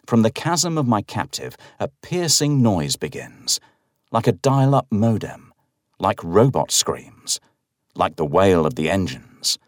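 Deep-voiced man reading a horror tale. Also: measured pace, no echo, clean studio sound. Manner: dramatic, expressive reading. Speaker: storyteller. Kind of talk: first-person horror story narration.

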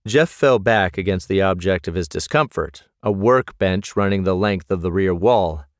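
A man narrating a novel as an audiobook, in a measured storytelling manner. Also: low voice, no echo, studio quality.

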